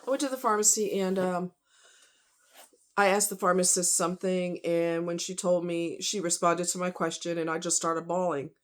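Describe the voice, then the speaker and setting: A woman's voice: on the low side, steady tone, normal speed. A woman telling a painful personal story off the cuff, emotional and rambling, with many fillers.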